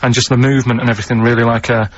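A man's voice: medium pitch, flat delivery, racing. A man who is a regular on a radio show, telling stories in a matter-of-fact way. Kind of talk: casual radio banter. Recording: dull lo-fi radio studio.

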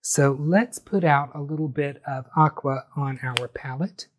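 A man calmly talking through a step-by-step painting tutorial, explaining each brushstroke as he goes. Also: on the high side, noisy background. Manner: friendly, unhurried, explains each brushstroke as he works. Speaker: painting instructor.

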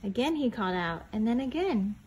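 A young woman reading a picture book aloud to preschoolers in a gentle storytelling voice, stopping to ask the children questions and dropping to a whisper on the quiet lines. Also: on the high side, very animated, brisk, a little hiss or hum, rough recording.

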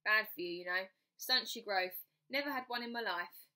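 A woman's voice: medium pitch, moderate pace, sharp tone, natural voice. A woman voicing a tall, blunt male train ticket collector who is nosy and sniffy, in a storybook reading.

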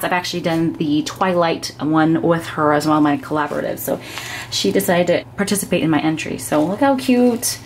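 A woman hosting her crafting channel, chatting casually as she opens packages and gushes with excitement. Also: on the low side, a little hiss or hum. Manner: gushing, gasping with excitement. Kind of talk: casual unboxing vlog.

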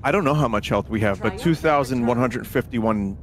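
A man's voice: medium pitch, fairly quick. A man streaming a game, chatting casually in a rambling, self-correcting way with dry jokes. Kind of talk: casual chat while playing a game.

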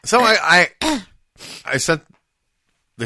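A middle-aged man with a bright, sharp voice, telling a long story in casual podcast chat. He rambles and restarts often, and his voice lifts when he gets excited. The sound is dry and close. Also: medium pitch, moderate pace, no echo. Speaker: podcast co-host.

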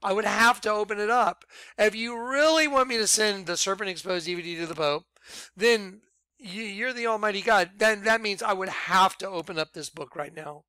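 A man leading a ministry, preaching informally in an animated way, laughing and swinging between loud outbursts and quiet asides. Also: high voice, normal speed, clean tone, no echo, clean studio sound. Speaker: ministry leader.

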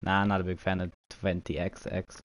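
A man's voice: sits low, level tone, a little fast, a little hiss or hum. Joking young male game streamer. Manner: joking, teasing, talks to chat. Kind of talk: live game stream chat.

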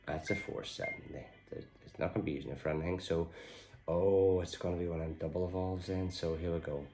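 A man's voice: low-pitched, fairly even intonation, brisk, music in the background, rough recording. A man giving casual, chatty gameplay commentary, stumbling over names and grumbling in mock exasperation. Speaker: game vlogger.

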